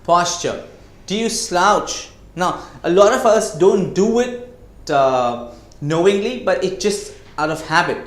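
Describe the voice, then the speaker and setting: A man with a fairly high voice teaches communication skills like a classroom lecture. He leans on key words and poses questions straight to the listener. The sound is roomy and echoey. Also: animated. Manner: emphatic, slows to stress words, asks rhetorical questions. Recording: echoey room.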